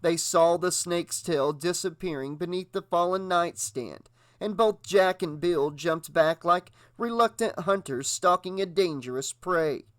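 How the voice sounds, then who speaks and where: Male audiobook narrator, expressive, fairly high voice, dry close mic. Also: unhurried, no room sound.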